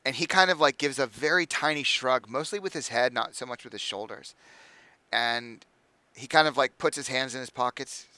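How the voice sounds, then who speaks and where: A man's voice: mid-range voice, moderate pace, bright, forceful tone, no echo. A man narrating a tabletop game as game master in a casual, filler-heavy way. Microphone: home microphone, online stream.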